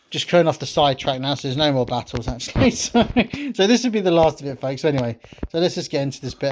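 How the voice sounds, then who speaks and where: A man's voice: on the high side, smooth. A man casually narrating his gameplay to viewers in a chatty, rambling way. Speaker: gameplay commentator. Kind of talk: casual let's-play commentary.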